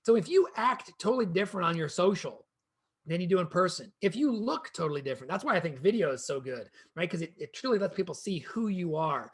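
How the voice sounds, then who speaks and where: Husky-voiced man giving energetic training. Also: high-pitched, quick pace. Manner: energetic, conversational, addresses a co-host. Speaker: real estate trainer. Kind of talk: presenting a training session.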